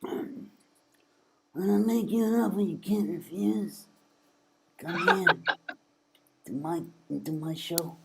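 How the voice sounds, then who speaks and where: A man doing an impression of an aging mafia boss, slow and mumbling. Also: sits high, gravelly, very noisy, voice pushed up, exaggerated voice. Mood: menacing. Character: raspy mob boss father, slow and menacing.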